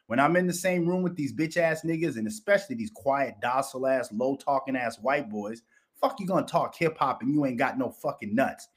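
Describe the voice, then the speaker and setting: A man's voice: medium pitch, fairly quick. Brash, boastful livestream host man. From Minnesota. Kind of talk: profane livestream rant.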